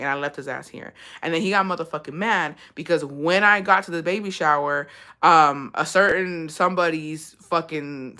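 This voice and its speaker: A woman's voice: deep voice, pushed and bright. A woman vlogger giving blunt, profane advice in a casual chat, telling a story with lots of swearing.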